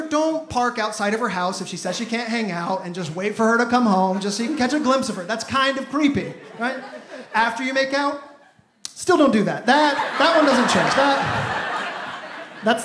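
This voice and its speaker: A man in his thirties performs a stand-up set on a club stage, telling stories in a punchy, exasperated way into a handheld mic. His voice is extremely high and his speed normal, in an echoey room with the crowd laughing.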